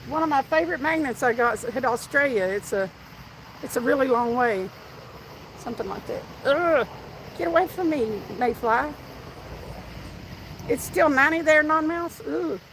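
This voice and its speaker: A woman's voice: high voice, expressive, moderate pace, a bit bright, slight background noise, low-quality recording. A woman with a Southern US accent, hosting a casual fishing live stream outdoors, chatting with viewers and telling stories. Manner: chatty, reads out viewer comments and tells stories. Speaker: fishing livestream host.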